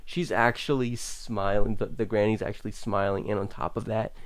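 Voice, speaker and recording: A man's voice: fairly low pitch, steady tone, normal speed, no room sound. A young man hosting an anime reaction, talking casually in long rambling thoughts that stammer and restart often.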